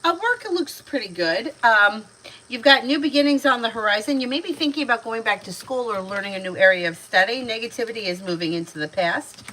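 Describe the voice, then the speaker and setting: A woman's voice: fairly high pitch, lively intonation, fairly quick, sharp tone, a little hiss or hum, poor audio. A woman in her thirties giving chatty, casual tarot readings on a livestream, laughing often as she talks. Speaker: tarot reader.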